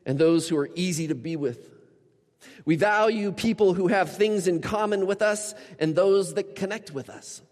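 A male pastor delivering a sermon, his voice sitting a little high for a man and ringing with a long church-hall reverb. He tells stories animatedly, slipping into the voices of the people he quotes. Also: darkish tone.

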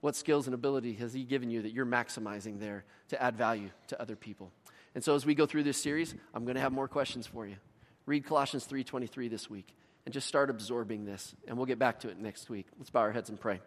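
A man's voice: medium pitch, quick pace. A middle-aged man preaching a sermon as pastor, telling stories with voiced asides. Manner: storytelling with voiced asides and laughs. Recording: long reverb of a large hall.

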